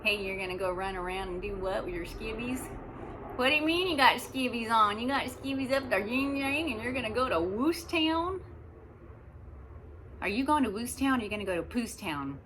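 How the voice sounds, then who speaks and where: A woman's voice: on the high side, fairly quick, few pauses, a bit bright, a little hiss or hum, pitched above the performer's own voice, natural voice, low-quality recording. A woman putting on a goofy sing-song accent voice. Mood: playful. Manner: sing-song nonsense questions. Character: goofy, hollering woman with a silly put-on accent.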